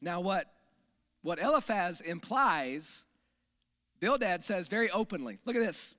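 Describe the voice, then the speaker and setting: A man's voice: high-pitched, animated, measured pace, pushed and bright. A man preaching a sermon in a conversational, emphatic way, often checking the audience is following. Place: church sanctuary. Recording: long hall reverb.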